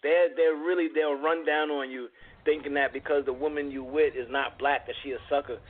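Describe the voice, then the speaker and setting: A man co-hosting a podcast in casual chat, animated, laughing often and swearing freely. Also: on the high side, fairly quick. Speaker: podcast co-host. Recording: tinny phone-like line with clear hiss.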